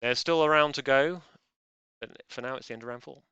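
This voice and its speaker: A man's voice: medium pitch, brisk, bright, forceful tone, clean tone, dry recording, lo-fi sound. A man hosting a live online quiz, joking drily and rambling. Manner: dry, rambling, self-deprecating jokes. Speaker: quiz host.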